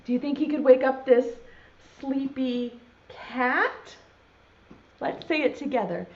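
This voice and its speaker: A woman leads a preschool circle time from home, her voice high and full of swooping ups and downs. She speaks slowly and sing-song, stretching words for little listeners. The recording sounds dull and lo-fi. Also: animated. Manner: slow, exaggerated, sing-song teacher talk to small children; uses sign language alongside speech. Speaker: preschool teacher.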